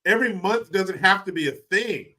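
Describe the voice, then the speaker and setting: A man riffing on a podcast with a lively, swooping voice that climbs high when he acts out disbelief. His tone is bright and forceful, loose and profane, and his talk is full of mock outrage. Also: normal speed. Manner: animated, swearing, mock-incredulous. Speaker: podcast co-host. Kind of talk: casual podcast banter.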